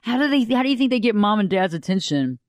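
Animated talk radio host. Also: mid-range voice, fast, no echo, studio quality. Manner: animated, conversational, folksy.

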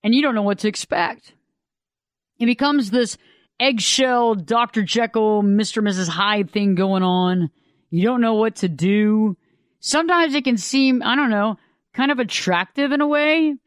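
A man with a high, smooth voice giving relationship advice in a casual monologue. He talks in an animated way and slips into the voices of the people he quotes. The sound is close and dry, with no room around it. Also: a little slow, no echo.

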